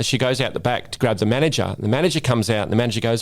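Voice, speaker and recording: Middle-aged Australian man, ex-cop guest speaker, lowish voice, dry sound, casual storyteller with lots of restarts. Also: a little fast, few pauses, no room sound. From Western Australia. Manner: chatty storyteller, repeats words when starting sentences. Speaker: guest speaker, former police officer. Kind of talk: casual podcast interview.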